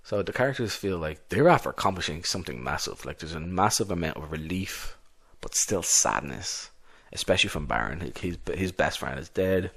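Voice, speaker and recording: A man's voice: low voice, animated, fairly quick, gravelly, few pauses, fairly bright tone, breathy edge. A man narrating a solo tabletop game in a casual, rambling way. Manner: casual, rambling, many restarts.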